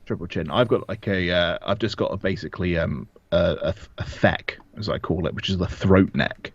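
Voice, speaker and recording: A man's voice: deep voice, moderate pace, dull audio, slight background noise. A man co-hosting a casual wrestling review podcast, rambling with lots of fillers and frequent laughs. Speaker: podcast co-host. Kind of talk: casual chat.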